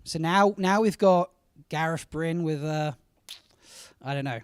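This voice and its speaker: A man hosting a live convention panel, chatty and quick with asides to the audience. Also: on the high side, smooth, dry recording. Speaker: panel host.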